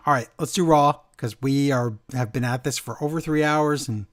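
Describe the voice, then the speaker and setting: A man hosting a wrestling podcast, recapping the show in an animated way and acting out quotes. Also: mid-range voice, normal speed. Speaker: podcast host. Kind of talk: casual chat recapping wrestling.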